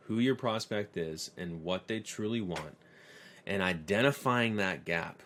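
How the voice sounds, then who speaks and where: Teaching an online course, a man tells stories conversationally in a voice that's on the low side yet fairly bright.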